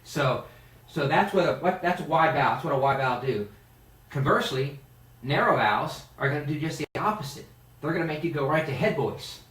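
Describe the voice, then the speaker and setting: A man's voice: fairly high pitch, normal speed. A man teaching a singing lesson as a vocal coach, explaining technique and singing exercises to show how they go. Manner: animated, demonstrates exercises by singing. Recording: roomy, mic at a distance, piano playing.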